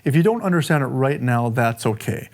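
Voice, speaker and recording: A man giving a casual music lesson, explaining song form in a relaxed, conversational way and counting bars aloud. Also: medium pitch, a little fast. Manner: counts bars aloud over a playing track. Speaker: music teacher. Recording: music playing behind the voice.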